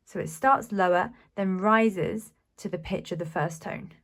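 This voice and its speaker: In an unhurried, medium-pitched voice, a woman gives a beginners' Mandarin lesson. She explains patiently and sounds out each syllable carefully, keeping the talk slow and clear.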